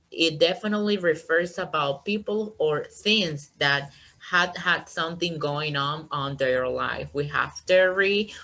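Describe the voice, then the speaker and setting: A woman's voice: fairly low pitch, pushed and bright, rough recording. A woman teaching an online English class, encouraging her students and checking understanding with "okay?" after each point.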